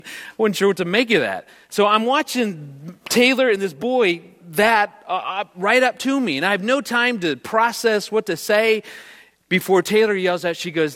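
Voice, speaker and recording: A man's voice: sits high, moderate pace. Storytelling man in a reverberant hall. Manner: animated, jokey, acts out his daughter's lines. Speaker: marriage speaker. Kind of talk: storytelling talk to a live audience.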